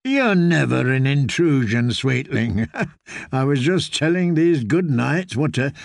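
A man's voice: medium pitch, lively intonation, slow, creaky, dry recording, clean studio sound. A man doing a sly, silky-voiced lord. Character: sly, smooth-talking middle-aged lord and father.

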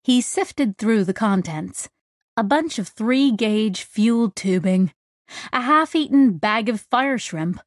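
A woman narrating a novel in a measured, descriptive way on a close studio mic. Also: a little high, animated, dry recording. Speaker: audiobook narrator. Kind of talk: scripted narration.

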